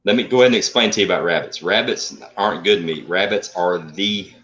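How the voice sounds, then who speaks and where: A man telling a story in a blunt, profane, animated way in casual talk. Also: sits low, a little fast. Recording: muffled lo-fi audio.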